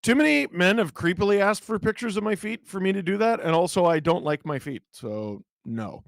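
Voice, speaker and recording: His voice is high, hoarse, and rough from a cold as he hosts a live hockey watch-along. Calling the play fast, he reads chat too, letting out sudden excited shouts; no room sound is audible.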